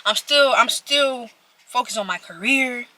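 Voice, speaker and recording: Young woman vlogger, chatty storytime over a meal, bright and a bit high. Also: measured pace. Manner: chatty, animated, addresses viewers directly. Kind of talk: casual storytime while eating.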